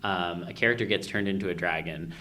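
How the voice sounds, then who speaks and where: Podcast co-host, male, low but bright, forceful voice, emphatic joker who swears. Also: brisk, slight background noise. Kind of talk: casual chat.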